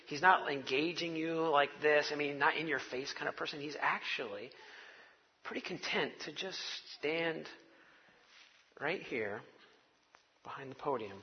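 A man's voice: fairly high pitch, unhurried, long pauses, slightly rough, big-room sound, dull audio. A man preaching a sermon to his congregation, telling it like a wry, conversational story. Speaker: pastor.

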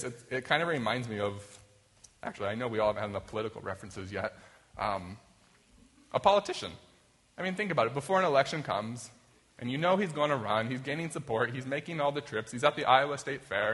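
A man's voice: on the high side, expressive, fast talker, a bit bright. A man preaching a sermon in a conversational way, reading scripture and then acting out quoted voices to make his point. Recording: long reverb of a hall.

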